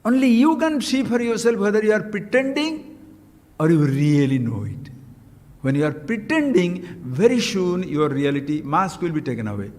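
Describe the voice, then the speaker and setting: A man's voice: high-pitched, big pitch swings, normal speed, a little mellow. A man giving a spiritual discourse as a teacher, emphatic and full of rhetorical questions. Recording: long hall reverb.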